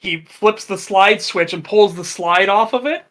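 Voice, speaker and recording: A man in casual chat as a podcast co-host, an animated storyteller who acts out the people he quotes. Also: high voice, measured pace.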